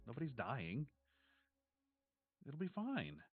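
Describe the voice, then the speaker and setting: A man voicing a frazzled mother who is leaving with her kids, rushed, pushy and swearing. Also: mid-range voice, huge pitch swings, slightly rough, phone-quality sound, faint music behind, heavily acted. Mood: insistent.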